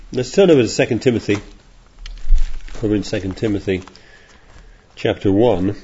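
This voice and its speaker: Preacher, male: low mellow voice, rambling digressive sermon delivery, dull lo-fi recording. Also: a little hiss or hum. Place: congregation in California.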